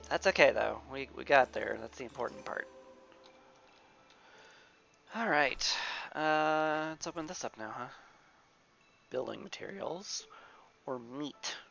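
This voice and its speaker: A man's voice: mid-range voice, expressive, slow, gravelly, pauses often, fairly bright tone, a little hiss or hum. A man casually talking through a video game as he plays, musing aloud with playful asides.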